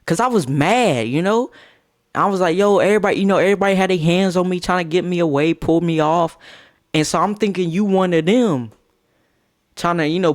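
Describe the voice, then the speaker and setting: On a phone live stream, a young man with a high-sitting voice tells a profane, animated story, acting out what people said.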